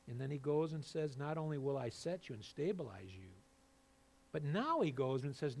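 A male pastor preaching a sermon, swinging between low, quiet passages and loud, fervent peaks. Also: very animated, normal speed, breathy edge.

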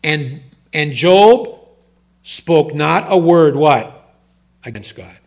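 An older man preaching a sermon, switching between loud emphatic lines and low, quiet asides. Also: animated, takes it slowly.

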